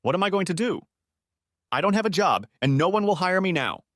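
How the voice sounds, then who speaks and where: A man voicing a bitter wife who shouts and whines. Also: very animated, fairly quick, dry recording, studio quality. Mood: pleading. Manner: whining, shrill.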